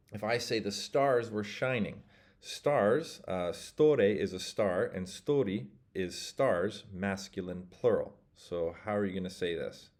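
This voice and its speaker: A man with a lower voice gives a casual spoken language lesson. He explains things step by step, models phrases slowly, and leaves pauses for practice.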